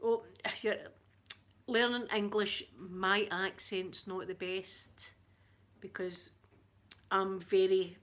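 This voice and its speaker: A middle-aged woman with a thick Scottish accent chats softly with her live viewers. She rambles through stories, laughing often as she goes. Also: medium pitch, level tone, takes it slowly, long pauses. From Scotland. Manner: chatty, laughs often, soft-spoken. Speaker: livestream host. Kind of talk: casual chat with live viewers.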